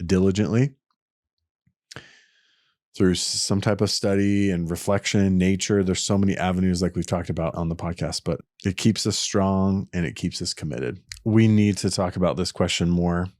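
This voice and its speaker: Man, very low pitch, podcast host, earnest, explanatory, restarts sentences, dry close sound. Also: fairly even intonation, moderate pace, darkish tone, no echo. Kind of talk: reflective solo podcast talk.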